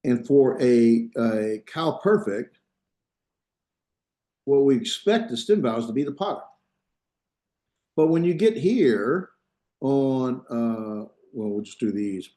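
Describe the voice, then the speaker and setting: A man's voice: mid-range voice, slow, pauses often, warm tone. A man teaching a Biblical Hebrew grammar class, explaining step by step, thinking aloud and checking in with his students. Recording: echoey classroom.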